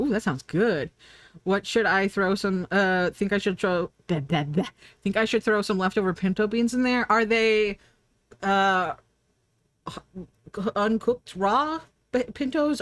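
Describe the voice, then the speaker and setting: A woman's voice: mid-range voice, fairly bright tone, no echo. A woman streamer chatting casually while she draws, rambling from thought to thought, laughing often and answering her chat.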